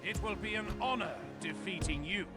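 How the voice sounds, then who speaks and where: A man's voice: sits high, normal speed, over loud music, lightly acted. A man voicing a stern Gondor soldier. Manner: declamatory, martial. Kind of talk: game unit voice lines.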